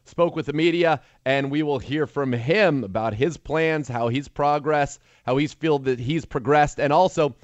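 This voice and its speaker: A man's voice: mid-range voice, measured pace, hardly any pauses, no echo, highs cut off. A man hosting a sports talk show, chatting in an upbeat, jokey way and leading into breaks. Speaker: sports radio host.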